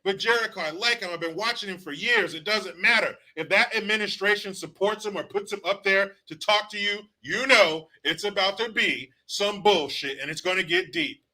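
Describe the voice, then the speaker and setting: A man's voice: high voice, normal speed, hardly any pauses, sharp tone. A man hosting his own political commentary show, ranting bluntly and sarcastically with plenty of profanity.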